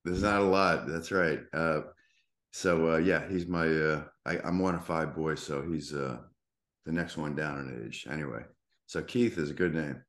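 A man with a softened Boston accent hosts a relaxed interview and rambles along with plenty of fillers. His voice sits very low. The room around him is noticeably echoey. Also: normal speed. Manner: chatty, filler-heavy, rambling. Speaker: podcast host. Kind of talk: casual interview.

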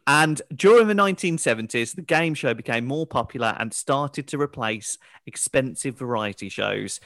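A man's voice: mid-range voice, no room sound. Chatty male podcast host, dry sound. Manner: animated storyteller, bursts into quick impressions. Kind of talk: casual chat.

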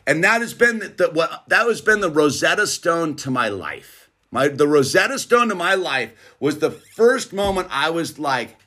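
A middle-aged man hosting his own channel delivers a casual motivational monologue, laid-back and slangy, repeatedly saying "dude." His voice is fairly high. He's animated, swinging between fast bursts and slow stretches for emphasis.

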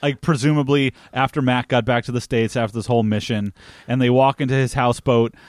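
A man's voice: medium pitch, fairly even intonation, a little fast, dry recording, studio quality. Analytical man talking an episode through. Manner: analytical, talks things through. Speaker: podcast co-host. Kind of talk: casual recap chat.

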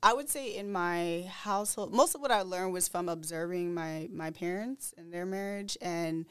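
Woman co-host, measured and reflective, dry close sound. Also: on the low side, fairly bright tone, clean tone, no room sound. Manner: thoughtful, measured, hesitant restarts. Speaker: podcast co-host. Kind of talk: casual chat.

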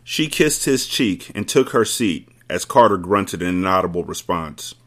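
A low-pitched man reads a novel aloud for a book club podcast, in an audiobook style. He breaks off now and then for wry, joking asides. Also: lively intonation, moderate pace, sharp tone. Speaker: host, book reader. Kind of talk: audiobook-style reading with commentary.

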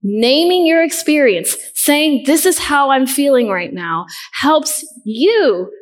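A woman's voice: sits high, animated, slow. A middle-aged woman preaching a sermon in an earnest way, asking the listeners questions and repeating her key points.

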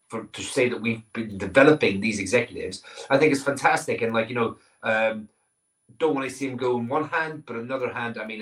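A man's voice: mid-range voice, far from the mic, poor audio. Rambling man, a bit off-mic. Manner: rambling, full of likes and you knows. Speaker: podcast co-host. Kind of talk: casual sports chat.

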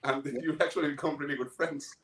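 A male actor on a panel, speaking in a quick, agreeable way. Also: on the high side, fairly even intonation, poor audio. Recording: crowd noise behind.

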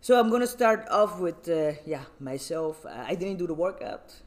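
A man's voice: fairly high pitch, lively intonation, normal speed, crowd noise. A young man hosting a casual podcast, rambling and giggly, often cutting himself off mid-sentence. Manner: rambling, giggly, self-interrupting. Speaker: podcast host.

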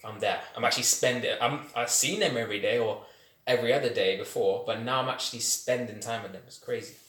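Man, podcast guest, lively storyteller, roomy echo on the mic. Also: mid-range voice, fast talker. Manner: animated, laughs often, slangy storytelling. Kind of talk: casual chat. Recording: echoey room.

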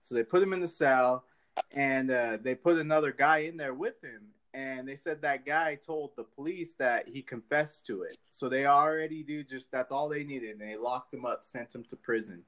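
A man's voice: medium pitch, normal speed, a bit bright. Man, podcast host, casual rambling chat, swears freely, middle voice. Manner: rambling, loose, with lots of fillers and swearing.

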